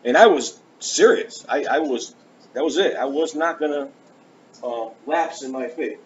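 Measured in pace and mid-range in voice, a man preaches his testimony in church. His storytelling sermon is earnest and animated, and he acts out conversations as the story unfolds. The recording is dull and lo-fi with a faint hiss.

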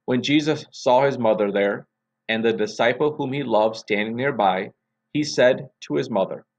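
A man, a pastor, reading scripture aloud and opening a devotion in a measured, deliberate way. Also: medium pitch, dull audio.

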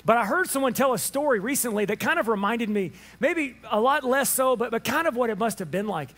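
Male pastor with a high-pitched voice, animated sermon storytelling that acts out the dialogue. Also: fairly quick. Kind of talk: Easter sermon.

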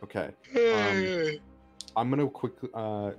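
A man's voice: mid-range voice, sing-song, slow, creaky, long pauses, faint music behind. A laid-back man playing a tabletop game over a voice call, talking loosely with fillers. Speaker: player.

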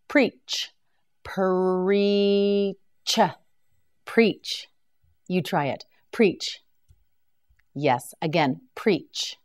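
A woman leads a vocabulary drill at a very slow, deliberate pace. Her voice sits on the lower side, and she pronounces each word with care so learners can repeat it. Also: darkish tone. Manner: slow, careful word-by-word pronunciation. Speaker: English vocabulary teacher.

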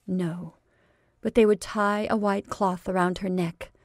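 A woman reading a classic short story aloud in a measured, expressive narration. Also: mid-range voice, no room sound, studio quality.

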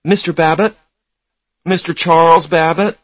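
A man's voice: fairly high pitch, fairly even intonation, unhurried, no room sound, muffled recording, pitched above the performer's own voice, lightly acted. A man reading a storybook, voicing a polite young woman who calls on a lawyer's behalf, formal and apologetic.

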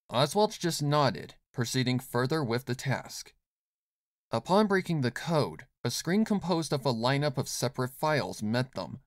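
Dude reading fanfic out loud, mid-pitched voice that moves around a lot, dry close sound. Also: male voice, dry recording. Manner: expressive, measured reading. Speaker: fanfiction reader. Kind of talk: story narration.

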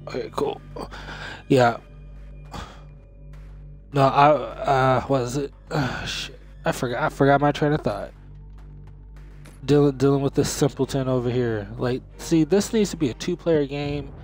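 A young man giving casual commentary while playing a video game, excitable and cursing, often shouting at the game. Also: mid-range voice, a little slow, pauses often, soft background music. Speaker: gamer.

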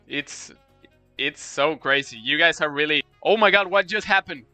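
Bright high-voiced excitable male streamer. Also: moderate pace, faint music behind. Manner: excitable, repeats himself, gushing thanks. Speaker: Roblox streamer. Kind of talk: excited live-stream chat.

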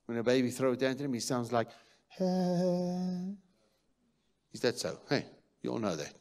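Man, pastor preaching, emphatic, loud then hushed, church sermon. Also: mid-range voice, fast talker. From South Africa. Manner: emphatic, swings between loud declarations and quiet murmurs.

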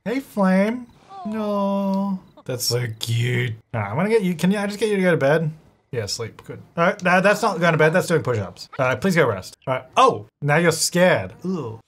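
Man, casual game commentary, lively up-and-down voice, somewhat high, chuckling, chats with characters. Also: normal speed. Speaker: gaming video host. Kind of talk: casual let's-play commentary.

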